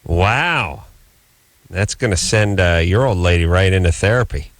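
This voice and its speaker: A man co-hosting a late-night call-in radio show, telling stories in a dry, deadpan way on a studio microphone. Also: measured pace, no room sound. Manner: dry, deadpan storytelling with lively swings in pitch. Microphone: studio broadcast microphone.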